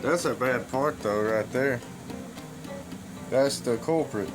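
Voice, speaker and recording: A middle-aged man hosting a casual DIY vlog, loud, joking and profane. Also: mid-range voice, slow pace, over music. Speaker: channel host, circuit bender.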